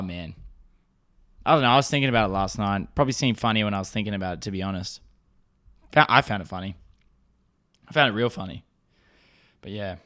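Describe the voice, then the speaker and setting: A man's voice: mid-range voice, fairly bright tone. A young man hosting a casual solo podcast, rambling and swearing with lots of fillers, coming down with a sore throat. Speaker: podcast host.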